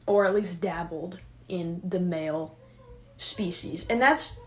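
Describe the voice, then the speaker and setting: A young woman doing a casual, sarcastic comedic monologue, animated and quick to laugh. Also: fairly low pitch, noisy background. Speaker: comedic creator.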